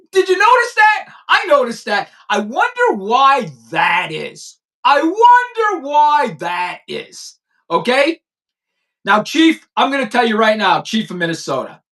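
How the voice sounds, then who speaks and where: A man's voice: extremely high pitch, sharp tone. A man in his fifties, a former police chief, hosting a blunt, profane news commentary and repeating lines for emphasis. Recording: voice a bit distant from the mic.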